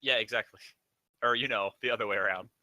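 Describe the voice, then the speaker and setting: A man's voice: fairly low pitch, steady tone, quick pace, pushed and bright, poor audio. A man playing a tabletop game with friends, talking casually and hesitantly, often searching for words. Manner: hesitant, lots of uhs and restarts. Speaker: player. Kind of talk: casual gaming chat.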